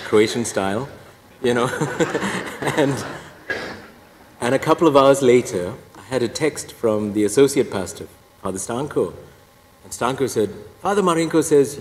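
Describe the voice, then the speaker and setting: In an echoey hall with faint noise behind him, a Catholic priest from Singapore in his fifties tells his life story as a funny testimony. He laughs at his own jokes and mocks himself, his medium-pitched voice a little mellow.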